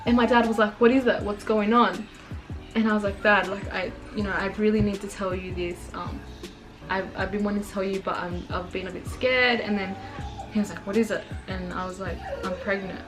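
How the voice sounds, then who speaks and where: A woman's voice: mid-range voice, steady tone, a little fast, poor audio. Chatty young woman telling a story over music. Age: young adult. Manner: chatty and rambling, full of "like". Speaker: vlogger. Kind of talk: casual sit-down storytelling.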